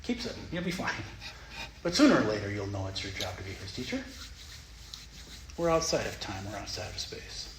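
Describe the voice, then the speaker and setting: A man's voice: on the low side, very animated, brisk, long pauses, fairly bright tone, a little hiss or hum. A man, a Zen teacher, gives a playful, self-mocking dharma talk in the meditation hall of a Zen center. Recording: echoey hall, faint ambience.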